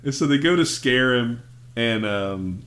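A man chatting casually as a podcast host, retelling a cartoon episode with animated storytelling. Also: mid-range voice, a little slow. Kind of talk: casual chat.

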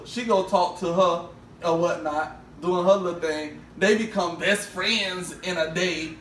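A young man spins a casual story for his podcast and acts out every voice he quotes. His voice sits high, and he is heard from a distance in a roomy space with faint ambience behind him. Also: moderate pace, fairly bright tone, slight background noise. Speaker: podcast co-host.

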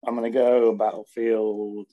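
A man's voice: lowish voice, little pitch movement, a little slow, phone-quality sound. A man joining a podcast as a guest over a video call on his phone, joking and self-deprecating. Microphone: phone held in one hand.

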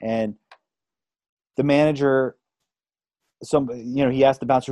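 A man's voice: mid-range voice, moderate pace, dark tone, no echo. A young man hosting an interview, telling a rambling story full of fillers. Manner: chatty, rambling, filler-heavy. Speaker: podcast host.

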